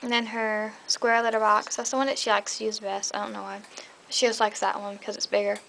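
A woman's voice: flat delivery, brisk, vocal fry, a bit bright, a little hiss or hum, rough recording. A tired young woman rambling through a casual tour of her pets' cages at home, filled with fillers. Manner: rambling, chatty, many fillers; high coaxing voice when calling her pets. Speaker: pet vlogger. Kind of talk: casual pet cage tour. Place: indoor room at home. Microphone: handheld camera mic.

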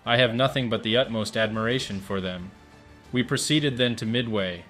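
A man's voice: medium pitch, normal speed, fairly bright tone, faint music behind. A middle-aged man giving a plain, matter-of-fact spoken recollection of his wartime service, rambling a little and restarting his sentences. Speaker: wartime filmmaker giving a firsthand account.

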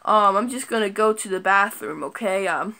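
A woman's voice: medium pitch, moderate pace, bright, forceful tone. A woman vlogger in a staged prank video, talking melodramatically with lots of exclamations and fillers. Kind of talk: scripted prank vlog.

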